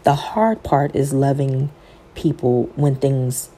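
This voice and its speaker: Low, mellow woman podcaster preaching softly. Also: fairly even intonation, takes it slowly, breathy edge. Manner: emotional, preachy, addresses listeners as y'all; quotes scripture in a sermon cadence. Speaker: podcast host. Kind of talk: faith-filled personal storytelling.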